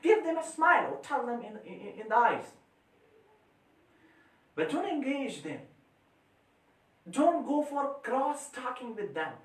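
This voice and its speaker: A man lectures his students with forceful energy, swinging his voice up and down and repeating his points. He sounds a little distant from the microphone. The classroom around him rings with echo. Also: very high-pitched, sing-song, a little slow, pauses often. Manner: emphatic, repeats phrases, forceful rises and drops. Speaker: teacher. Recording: echoey room, mic far off.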